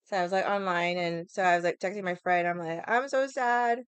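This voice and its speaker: Young woman rambling on her livestream, swears a lot, smooth voice, dry close sound. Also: on the low side, fairly quick, no echo. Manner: rambling, swears freely, laughs often. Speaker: livestream vlogger. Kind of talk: casual chat with viewers.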